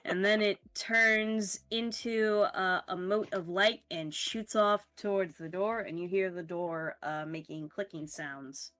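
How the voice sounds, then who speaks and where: Unhurried woman game master narrating. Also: medium pitch, steady tone, fairly bright tone, soft background music. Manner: casual, swears, halting with fillers.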